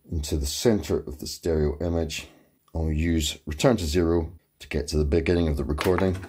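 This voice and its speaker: A man hosting an equipment tutorial in his home studio. His voice is very deep and dark, with a husky texture. He explains each step methodically. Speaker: tutorial host.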